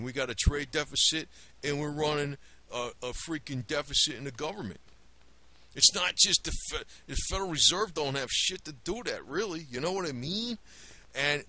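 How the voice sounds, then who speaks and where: A man's voice: medium pitch, sharp tone. A man from the Northeast with a New Jersey accent, rambling to camera in a blunt, profane rant. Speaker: video blogger.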